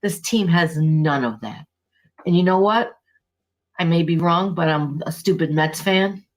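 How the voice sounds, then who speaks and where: A woman with a somewhat low voice, venting on a casual sports podcast. She is heated and exasperated and swears freely as she complains. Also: a little slow. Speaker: podcast co-host.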